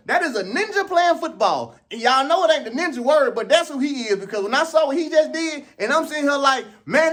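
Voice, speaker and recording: A man hosting his own sports vlog, talking about sprinting in an animated, slangy, exclaiming way. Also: very high-pitched. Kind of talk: casual sports commentary.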